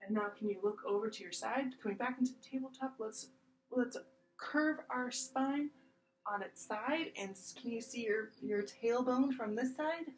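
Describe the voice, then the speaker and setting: A young woman teaching a gentle, playful yoga class to preschool children, coaxing them along as she guides each pose. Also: fairly high pitch, normal speed. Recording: echoey room with faint music.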